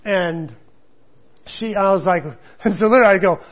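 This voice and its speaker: A male pastor preaching a sermon in a rambling, animated storytelling way, full of restarts. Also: high voice, a little fast. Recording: muffled lo-fi recording.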